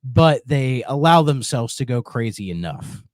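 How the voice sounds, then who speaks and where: A man's voice: mid-range voice, unhurried, dry recording. A man co-hosting a podcast in a casual chat, telling stories with lots of laughter. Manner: laughs often, animated storytelling. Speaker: podcast co-host.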